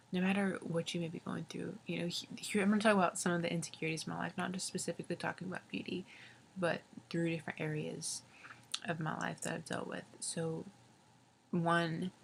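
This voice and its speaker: An 18-year-old woman talking casually and earnestly about her faith, halting and rambling with many fillers, often dropping into soft half-whispers. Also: fairly low pitch, gravelly, a little hiss or hum. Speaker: faith vlogger. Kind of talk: casual confessional faith talk.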